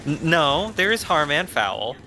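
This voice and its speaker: A man watching a friend play a video game, teasing him bluntly with quick jabs. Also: a little high, big pitch swings, bright, forceful tone, faint music behind. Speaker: gameplay co-commentator. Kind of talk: casual chat watching gameplay.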